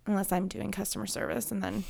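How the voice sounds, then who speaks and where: Woman, 30s, mid pitch with vocal fry, open and emotional conversational read, rambling. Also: a little mellow. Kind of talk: candid personal conversation.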